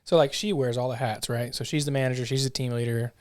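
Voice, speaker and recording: A man's voice: medium pitch, fairly even intonation, quick pace, a little mellow, no room sound, clean studio sound. A man who owns a coffee shop, a podcast guest explaining things in a plain, matter-of-fact way. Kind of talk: casual interview answers.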